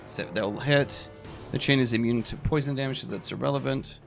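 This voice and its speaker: A man's voice: medium pitch, steady tone, brisk, creaky, over music. A man narrating and running a tabletop game as game master, explaining the rules casually.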